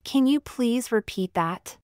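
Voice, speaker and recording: A woman reading English practice phrases slowly and clearly for learners, saying each one twice. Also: a little high, expressive, a little mellow, dry recording, studio quality.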